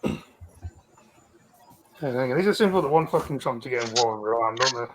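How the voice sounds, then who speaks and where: A Scottish man with a mid-range voice reads the news on a live stream, bluntly and with plenty of swearing. He speaks briskly and animatedly in a casual, chatty way, with background noise audible.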